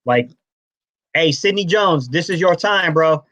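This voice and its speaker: A man co-hosting a casual fan sports stream, talking in a brash, animated way. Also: on the high side, a little slow, no room sound. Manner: animated, brash, says bro a lot. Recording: dull lo-fi stream audio.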